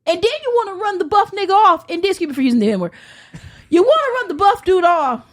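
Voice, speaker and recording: A young woman, a podcast guest, ranting in loud, brash, profane casual chat and laughing as she goes. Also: very high voice, very animated, fast talker.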